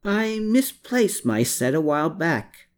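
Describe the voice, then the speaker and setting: A man's voice: fairly high pitch, very animated, slow pace, pitched above the performer's own voice. A man reading an audiobook, voicing an evasive male lawyer who answers questions with dry, defensive quips. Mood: wry, defensive.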